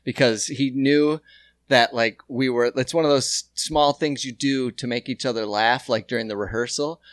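A man's voice: mid-range voice, fairly even intonation, normal speed, no room sound. A man joking around in casual comedy banter, laughing often and slipping into silly voices.

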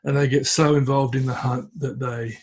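A man with a husky, slightly breathy voice talks with a guest's easy, unhurried manner. He keeps circling back and restarting his sentences as he retells an old story. His pitch sits in an ordinary middle range. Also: little pitch movement. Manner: hesitant, restarts phrases, tells story with acted quotes. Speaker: podcast guest. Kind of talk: conversational storytelling. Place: at home with a cat.

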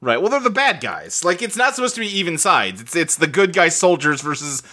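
A man in a casual movie chat, animated, reading out facts he looks up. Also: a little high, a little fast.

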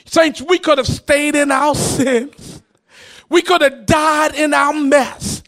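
Guy preaching in church, real high voice, chanting lines over and over, breaks into shouts and sort of sings it. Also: fairly even intonation, slow pace. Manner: chanting, repetitive preaching cadence, rising into shouts. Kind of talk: shouted, sing-song sermon.

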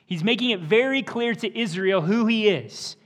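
A man's voice: high voice, animated, normal speed, a bit bright, in a large hall. A man pastor giving an earnest sermon, often restarting words as he talks, in a church sanctuary. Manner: earnest, with repeated word restarts.

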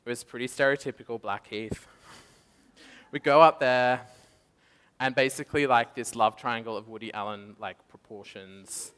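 A young man giving a lively testimony sermon, acting out quotes and laughing as he tells his story. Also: mid-range voice, normal speed, clean tone. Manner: animated storytelling, acts out quotes, laughs often. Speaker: preacher. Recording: echoey hall.

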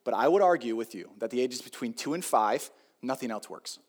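Lively, joking male pastor preaching. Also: medium pitch, brisk. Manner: conversational and joking, with emphatic repetition. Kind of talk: sermon.

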